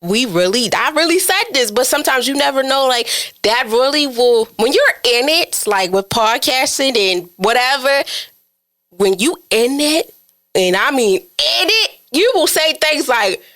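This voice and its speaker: A young woman in her twenties hosts a casual podcast chat in a fairly high, bright, forceful voice. She talks in an animated, chatty way and acts out her own inner voice as she goes. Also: a little slow. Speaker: podcast host.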